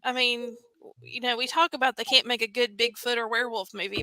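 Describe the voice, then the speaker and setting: A woman's voice: fairly high pitch, steady tone, brisk, pushed and bright, no echo, poor audio. A woman co-hosting a podcast, chatting in a wry, giggly way about a movie. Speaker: podcast co-host. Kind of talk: casual movie review chat.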